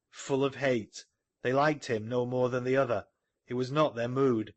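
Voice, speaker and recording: Male audiobook narrator: measured delivery, average pitch, dry close recording. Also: dry recording. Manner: measured storytelling. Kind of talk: scripted narration.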